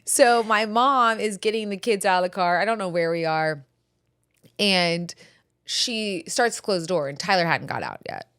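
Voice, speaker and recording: A woman in her thirties hosting a podcast, telling animated family stories with frequent laughter. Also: medium pitch, normal speed, clear, resonant tone. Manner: animated storyteller, laughs often. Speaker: podcast host. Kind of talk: casual chat.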